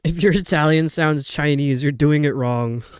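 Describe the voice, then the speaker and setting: A woman's voice: sits low, moderate pace, darkish tone, clear, resonant tone, no echo, clean studio sound. A woman streamer chatting casually over a video game, rambling and poking fun at herself. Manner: chatty, rambling, self-mocking. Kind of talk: casual livestream commentary.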